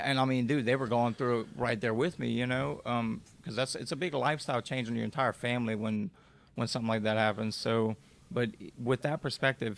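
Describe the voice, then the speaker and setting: A man's voice: mid-range voice, gravelly. A man in his twenties, a podcast guest telling his personal story in a candid, raw way and swearing freely.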